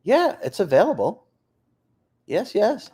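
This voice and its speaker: A man's voice: sits high, slow pace, breathy edge. A man hosting a live stream, chatting casually and reading viewer comments aloud, laughing often. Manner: lively, reads off places and names, laughs often.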